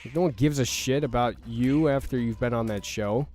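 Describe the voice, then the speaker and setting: A man's voice: medium pitch, moderate pace, a little mellow. Exasperated rambling young man gamer. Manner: exasperated, rambling, stammering restarts, frequent swearing. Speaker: gaming channel host. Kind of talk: let's play commentary rant.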